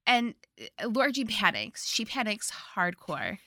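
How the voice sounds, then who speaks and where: Chatty, bright-voiced woman. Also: mid-range voice, a little slow, no room sound, clean studio sound. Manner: chatty, animated, laughs often. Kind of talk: casual chat recapping a movie.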